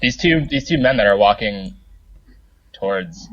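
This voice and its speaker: Male tabletop player, low voice, casual and joking, muffled lo-fi audio. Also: animated, measured pace, fairly bright tone, no room sound. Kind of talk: casual tabletop game play.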